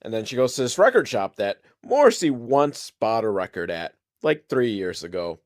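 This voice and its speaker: A man's voice: lowish voice, sing-song, moderate pace. A man giving a rambling, profane and sarcastic comedic recap of a film, wandering off into side stories.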